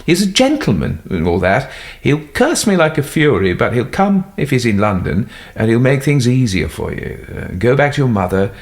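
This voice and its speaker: A man's voice: medium pitch, sing-song, moderate pace, pitched above the performer's own voice. A man reading an audiobook, voicing a brusque, no-nonsense middle-aged male doctor. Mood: firm.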